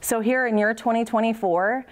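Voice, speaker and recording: Woman, 30s, church devotion speaker, slightly high voice, earnest and conversational, storytelling into prayer. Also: steady tone, normal speed.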